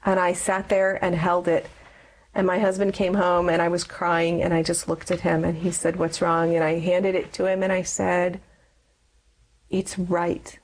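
A woman's voice: on the low side, flat delivery, normal speed, rough recording. A woman in her forties giving a personal testimony in an interview, earnestly telling her story and acting out past conversations. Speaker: guest.

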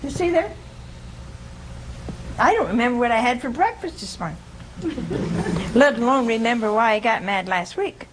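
A woman's voice: on the high side, sing-song, normal speed, pauses often. A woman delivers a casual sermon, talking with her listeners rather than at them. She keeps putting questions to them and chuckles often. A light hiss sits behind her voice. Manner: acts out quoted speech. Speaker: religious teacher. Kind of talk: informal sermon with audience questions.

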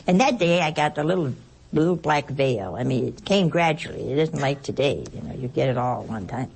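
An older woman, a nun, telling stories from her past in a plain-spoken, unhurried way. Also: very deep voice, animated, gravelly, a little mellow, husky. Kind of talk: recalling her past in an interview.

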